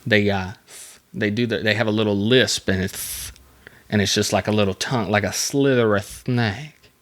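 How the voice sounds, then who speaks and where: A man with a slightly low voice hosts a casual solo podcast. He reads facts from a script, then wanders into loose, joking tangents. He stumbles and circles back often along the way. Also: steady tone, a bit bright. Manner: reads facts aloud, then breaks off into rambling jokey asides; halting, with many fillers and restarts. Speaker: podcast host.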